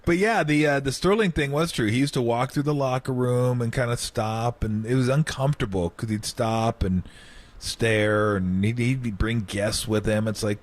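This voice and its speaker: A man's voice: medium pitch, moderate pace. A middle-aged man, a former player, telling stories on a sports radio show and acting out the quotes. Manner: animated storyteller, acts out quotes, laughs often. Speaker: former basketball player guest. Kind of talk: radio sports talk storytelling.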